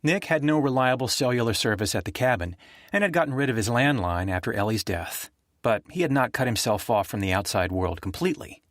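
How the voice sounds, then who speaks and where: Steady male audiobook narrator, dry sound. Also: mid-range voice, brisk, dry recording. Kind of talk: scripted narration of a thriller.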